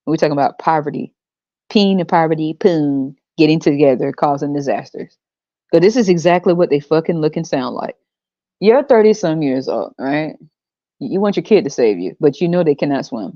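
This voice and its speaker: A woman's voice: sits low, mellow, no room sound, lo-fi sound. Blunt, sarcastic woman podcaster. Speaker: podcast host. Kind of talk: casual podcast rant.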